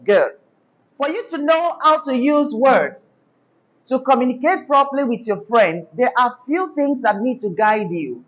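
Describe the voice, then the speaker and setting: A woman's voice: high-pitched, animated, dull audio. A woman teaching a diction class, asking questions and having pupils repeat after her. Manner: call-and-response prompting, deliberate.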